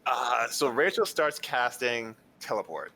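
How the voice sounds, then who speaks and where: A man's voice: mid-range voice, animated, measured pace, sharp tone, a little hiss or hum. A man narrating a tabletop game as game master, describing scenes casually with lots of fillers.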